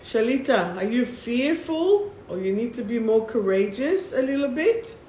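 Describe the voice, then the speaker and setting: A woman's voice: a little high, lively intonation, dark tone, slight background noise. Woman reading affirmation cards in a roomy space. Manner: reads affirmations slowly and repeats them, addressing viewers by name. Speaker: spiritual host. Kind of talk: live-stream affirmation card reading. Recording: roomy echo.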